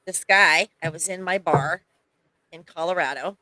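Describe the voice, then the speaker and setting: A woman's voice: lowish voice, moderate pace, bright, forceful tone, no echo, rough recording. A woman co-hosting a podcast in casual chat, teasing and wry. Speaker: podcast co-host.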